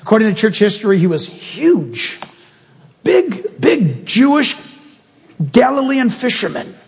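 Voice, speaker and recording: High-voiced husky preacher. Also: male voice, a little slow, in a large hall. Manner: animated, jokey, asks the crowd questions. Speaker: pastor. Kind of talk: sermon.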